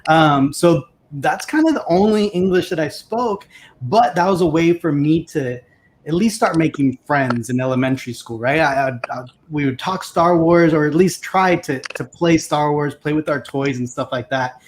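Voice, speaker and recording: A man from Mexico, a native Spanish speaker, telling his story in a relaxed, casual way and often checking in with "right?". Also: fairly high pitch, moderate pace, a little hiss or hum. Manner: relaxed, tags sentences with "right?". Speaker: guest panelist.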